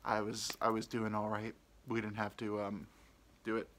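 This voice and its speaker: A man's voice: fairly low pitch, monotone, moderate pace, a bit bright, a little hiss or hum. A young man hosting a podcast, telling a rambling, self-deprecating story in casual chat. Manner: rambling, self-deprecating, mimics people he quotes. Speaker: podcast host.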